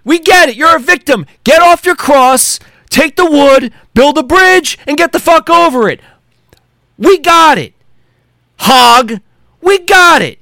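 A man hosting a podcast, delivering an angry, profanity-laden solo rant with heated shouting outbursts. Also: very high-pitched, sing-song, measured pace, long pauses, dry recording, clean studio sound. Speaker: podcast host.

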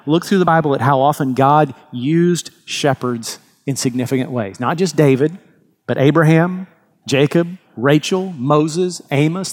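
A man's voice: on the high side, a little mellow. A man preaching a sermon as pastor, earnest and emphatic, often restarting his words.

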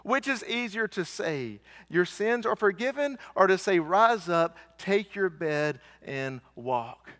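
A man's voice: sits high, animated, slow pace, few pauses, fairly bright tone. A man preaching a sermon in an earnest way, asking rhetorical questions and repeating lines for emphasis. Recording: church hall reverb.

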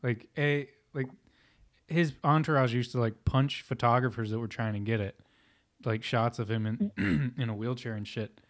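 A man's voice: medium pitch, moderate pace. Crude joking man in casual chat. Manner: crude, joking, lots of "like" fillers. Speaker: podcast co-host.

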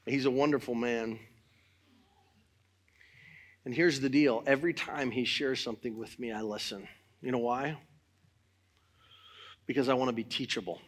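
A middle-aged man preaching a sermon in church, swinging between loud exhortation and quiet talk. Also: mid-range voice, steady tone, moderate pace, pauses often. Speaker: pastor.

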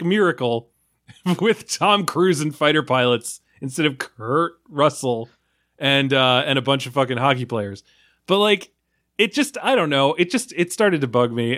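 A man's voice: mid-range voice, expressive, moderate pace, a bit bright. A man on a film podcast who rants in a casual, rambling way with frequent swearing.

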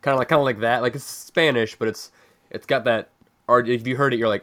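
A man's voice: mid-range voice, steady tone, a little fast, a bit bright. A man hosting a podcast in casual chat, talking loosely with lots of "like" fillers. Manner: loose, filler-heavy talk with many "like"s. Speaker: podcast host.

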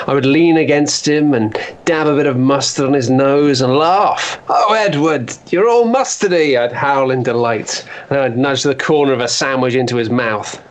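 A man giving a crude, rambling comic monologue. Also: mid-range voice. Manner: crude, rambling, swings into silly voices.

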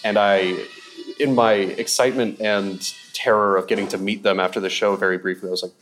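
Young male comedy guest, fairly low voice, rambling and animated, casual podcast chat. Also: a little fast, faint music behind. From Seattle. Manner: rambling, animated, lots of fillers and laughs.

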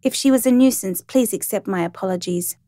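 A woman voicing a gentle, grieving young mother who speaks softly and politely. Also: mid-range voice, fairly quick, no room sound, lightly acted. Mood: apologetic. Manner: soft, polite, subdued.

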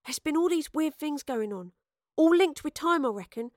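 A woman's voice: sits high, animated, normal speed, no room sound, clean studio sound, voice pushed up. A woman voicing a blunt, defiant young working-class woman in an audiobook, clipped and slangy. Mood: urgent. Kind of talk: audiobook character voice.

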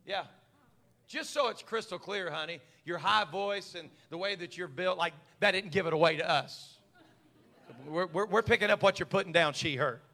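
High gravelly preacher, fiery. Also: male voice, moderate pace. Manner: fiery, swings from quiet asides to shouting; stammering, folksy. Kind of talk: sermon.

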